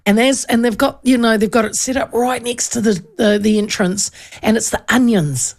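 A woman hosting a radio show, talking. She chats casually and rambles from one story to the next, often restarting her sentences. Her voice has a gravelly, creaky edge. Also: fairly high pitch, moderate pace. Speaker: radio host. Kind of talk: casual chat.

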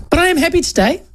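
A middle-aged New Zealand woman hosting a radio show, telling a story in a chatty, animated way with frequent laughs. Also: extremely high pitch. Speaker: radio host. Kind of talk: casual storytelling chat.

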